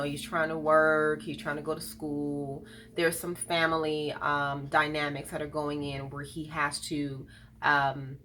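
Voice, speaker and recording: A woman who works as an iridologist and colon hydrotherapist, talking earnestly to camera about wellness and often pausing with "um". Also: low-pitched, pushed and bright. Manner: earnest, thoughtful, pauses with frequent ums. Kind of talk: heartfelt talk to camera.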